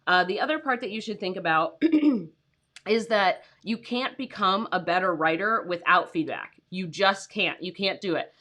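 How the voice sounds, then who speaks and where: Bright-voiced chatty woman streaming from home. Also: fairly low pitch, moderate pace. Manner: chatty, many fillers, greets viewers by name. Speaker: freelance writing coach hosting a livestream. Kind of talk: casual livestream chat. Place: home, with her dogs nearby.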